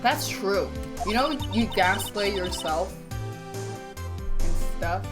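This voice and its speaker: Brief: woman streamer, mid pitch, slow-spoken asides between quick dialogue reads, game music behind. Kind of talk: casual game playthrough commentary.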